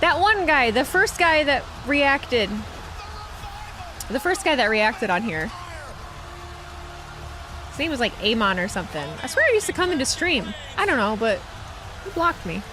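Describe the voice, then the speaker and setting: A woman's voice: high voice, very animated, a little slow, pauses often, over music. A young woman chatting casually on a live stream, sarcastic and talkative, reading chat messages aloud.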